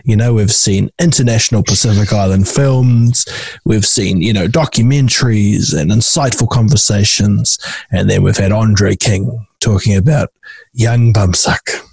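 Husky man hosting a podcast. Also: fairly low pitch, unhurried, darkish tone, dry recording. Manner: encouraging, asks questions. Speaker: podcast host. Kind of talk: interview chat.

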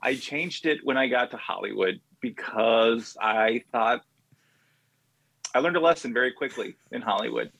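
A man's voice: medium pitch, lively intonation, moderate pace, vocal fry, fairly bright tone, dry recording, poor audio. A man in an improvised comedy interview, telling rambling, self-deprecating stories and putting on silly voices.

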